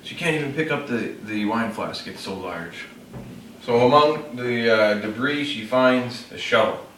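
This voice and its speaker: A man's voice: medium pitch, a little slow, fairly bright tone. A man telling a fable in a loose, unpolished way, showing a classroom storytelling trick. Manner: unpolished, with fillers and self-corrections. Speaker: storyteller demonstrating a classroom technique. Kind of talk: casual oral storytelling. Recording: roomy, distant mic, faint noise.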